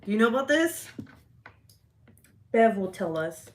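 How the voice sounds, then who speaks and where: A woman's voice: a little high, very animated, a little slow. Giggly woman chatting on a livestream. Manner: giggly, laughs often, swears freely. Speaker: livestream host. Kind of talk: casual live-stream chat.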